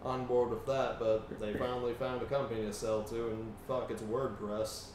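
A man's voice: mid-range voice, level tone, normal speed, darkish tone. A man co-hosting a podcast, rambling casually and swearing freely. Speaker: podcast co-host. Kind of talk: casual chat. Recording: distant mic, roomy echo, faint noise.

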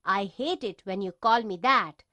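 A woman's voice: medium pitch, unhurried, bright, forceful tone, no room sound, pitched below the performer's own voice. A woman reading the lines of a young schoolboy in a children's storybook, sounding hurt at times and firm at others. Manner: tearful then firm. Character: upset young schoolboy with curly hair.

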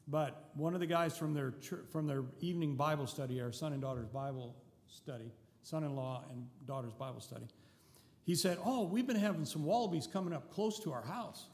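A man's voice: a little high, fairly quick, darkish tone. Older New man, folksy storyteller. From New Zealand. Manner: folksy, chatty, with restarts and wry asides. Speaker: visiting missionary. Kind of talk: casual storytelling to a congregation. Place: church sanctuary. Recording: long church hall reverb.

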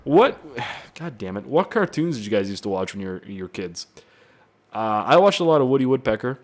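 Guy, gaming commentary, rambling and excitable, swears a lot; average pitch. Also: fairly quick. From Canada. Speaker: gaming YouTuber. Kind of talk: casual gameplay commentary.

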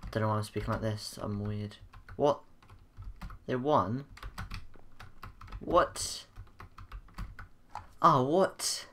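A man's voice: on the low side, drawn-out words, pauses often, a bit bright, a little hiss or hum. A man giving gameplay commentary, frustrated and self-mocking as he plays. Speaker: gamer.

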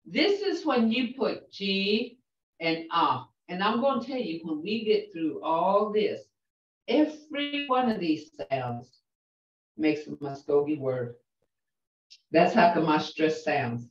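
Slow, patient older woman teaching syllables. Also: lowish voice, animated. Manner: slow, patient, repeats sounds and words. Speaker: language teacher. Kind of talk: language class, drilling syllables. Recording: roomy, distant, dull lo-fi sound.

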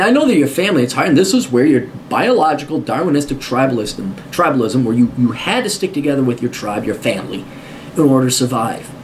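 Male host, blunt profane advice rant, animated pitch, light background noise. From United States. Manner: blunt, heavy swearing, emphatic repetition. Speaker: host answering a viewer question.

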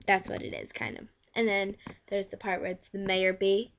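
A woman's voice: medium pitch, flat delivery, moderate pace, hardly any pauses. A woman chatting casually to camera, rambling with many fillers and repeated words. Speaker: vlogger. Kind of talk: casual home video chat.

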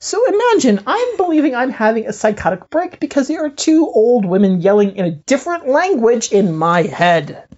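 Animated woman telling a story on a podcast. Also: a little high, moderate pace, few pauses, slightly rough, muffled recording. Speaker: podcast co-host.

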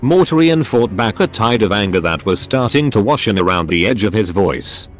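A text-to-speech male voice narrates a story in a lowish register. Its pitch moves in a lively, wide-ranging way, and it reads each character in the same even machine voice. Faint music plays behind it. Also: moderate pace. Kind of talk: synthetic voice reading a story.

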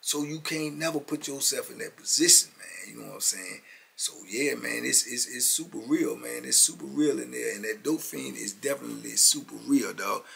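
A man's voice: medium pitch, moderate pace, vocal fry, sharp tone, slightly rough. A man in his fifties telling prison stories in a casual, emphatic street-talk monologue, often chuckling and tagging lines with "man".

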